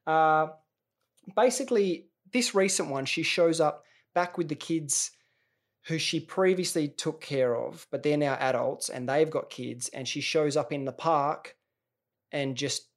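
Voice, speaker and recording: A man's voice: a little high, unhurried. Man, 30s, podcast host, rambling comic monologue, self-interrupting. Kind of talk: casual comedic monologue.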